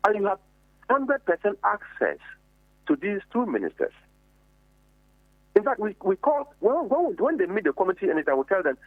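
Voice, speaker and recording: A man's voice: sits high, husky, no room sound. A man, a member of parliament, speaking with indignant emphasis and rhetorical questions. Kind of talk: heated political commentary. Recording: tinny phone-like dry line.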